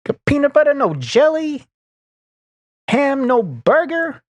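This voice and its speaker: A man putting on a sassy, exasperated comedy movie character in a loud, squeaky voice. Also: very animated, slow, dry recording, heavily acted.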